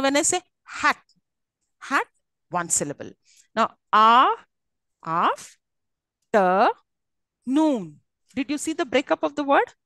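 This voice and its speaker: A woman's voice: a little high, no room sound. A woman with an Indian English accent lecturing students on syllables and word stress, often checking they follow. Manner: explains with frequent checks to students, encouraging. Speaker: teacher. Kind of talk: classroom lecture on English phonetics. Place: classroom.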